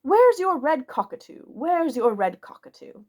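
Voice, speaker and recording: A woman's voice: a little high, very animated, normal speed, darkish tone. A woman voicing a whimsical, teasing Englishman who speaks abruptly and playfully.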